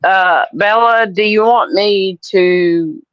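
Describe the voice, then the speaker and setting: A woman joining a livestream as a guest caller, speaking hesitantly with lots of pauses and fillers over slightly dull audio. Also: medium pitch, dry recording. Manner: soft-spoken and hesitant, many fillers. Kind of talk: casual chat.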